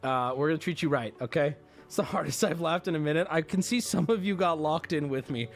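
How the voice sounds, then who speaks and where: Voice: mid-range voice, fairly quick, soft background music. A livestreamer chatting casually with viewers, loose and profane, talking straight to chat.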